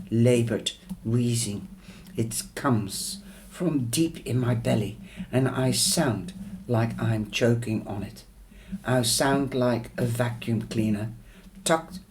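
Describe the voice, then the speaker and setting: Guy reading a book out loud really slow, stumbles n restarts sometimes. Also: mid-range voice. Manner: unhurried reading with small slips and restarts. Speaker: audiobook reader. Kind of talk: reading a novel aloud.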